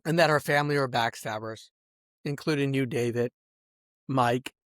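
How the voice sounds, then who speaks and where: A man's voice: medium pitch, moderate pace, a bit bright, no room sound, clean studio sound. A middle-aged man in an angry, rambling vlog rant, swearing and ending sentences with "bro" and "dog". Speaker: vlogger.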